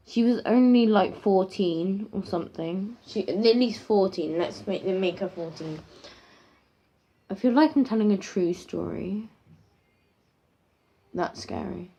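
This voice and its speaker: A woman's voice: mid-range voice, dark tone. A woman improvising a spooky story in a rambling, casual way, full of fillers and restarts, on a dull lo-fi home recording.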